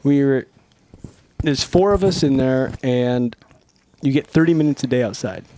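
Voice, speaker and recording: A middle-aged man from Northern California, a podcast guest telling stories in a casual, profane, animated way and acting out the quotes. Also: mid-range voice, moderate pace. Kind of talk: casual storytelling.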